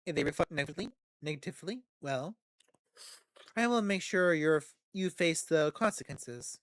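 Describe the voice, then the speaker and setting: A game streamer reading the lines of a poised, persuasive female vampire patron aloud in a dry, close recording, measured and coolly confident. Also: medium pitch, animated, dry recording, natural voice.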